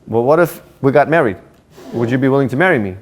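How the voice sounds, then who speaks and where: A man's voice: mid-range voice, lively intonation, quick pace, natural voice. A man voicing a clever woman who sweet-talks a burglar, in a storytelling sermon. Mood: coaxing. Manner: sweet-talking, coaxing.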